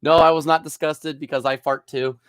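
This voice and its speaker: A man's voice: fairly high pitch, flat delivery, brisk, a bit bright, smooth, dry recording, studio quality. A young man, a bartender, telling rambling stories from work in a casual way, often chuckling. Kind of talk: casual storytelling.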